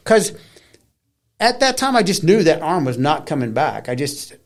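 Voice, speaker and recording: A man's voice: a little high, moderate pace. A middle-aged man telling stories as an interview guest, often acting out the voices of people he quotes. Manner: animated storyteller who acts out quoted voices. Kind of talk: conversational interview storytelling.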